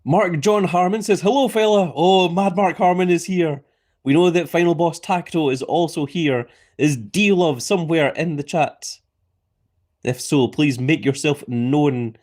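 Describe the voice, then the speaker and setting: A man with a fairly high voice hosts a live stream, calling a giveaway elimination with playful wrestling-announcer flair. He reads chat messages aloud and laughs often. He speaks into a desk microphone. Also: darkish tone. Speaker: livestream host.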